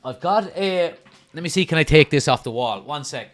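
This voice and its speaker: A man's voice: fairly high pitch, animated, normal speed, a bit bright. Casting: man in his 30s, laid-back football stream host, chatty, reads comments aloud, laughs easily. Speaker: football watch-along host. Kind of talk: casual live-stream chat. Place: front room at home.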